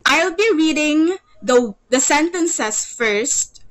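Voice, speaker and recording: A woman's voice: high voice, expressive, takes it slowly, a bit bright, rough recording. A woman teaching an online English lesson, patient, repeating words and stammering "you, you" as she leads drills.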